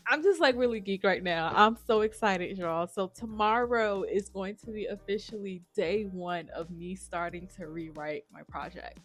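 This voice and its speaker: A woman chats to her viewers in a giddy, gushing vlog, calling them y'all again and again. Her voice sits at a middling pitch. Faint music plays quietly under her. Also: moderate pace, hardly any pauses. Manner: gushing, excitable, says y'all a lot. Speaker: writing vlogger. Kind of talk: casual chat to camera.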